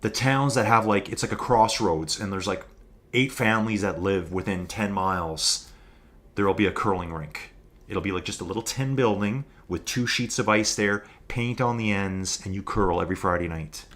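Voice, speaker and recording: A man's voice: fairly low pitch, normal speed, a bit bright. A man with an Albertan Canadian accent, commentating a live-streamed race in a loose, rambling way full of joking asides.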